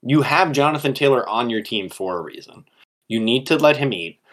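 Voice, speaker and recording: A man's voice: medium pitch, animated, normal speed, a bit bright. A man co-hosting a podcast, giving emphatic, opinionated takes on sports bets. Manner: emphatic, opinionated, pushes his points hard. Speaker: podcast co-host. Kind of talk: casual sports betting chat.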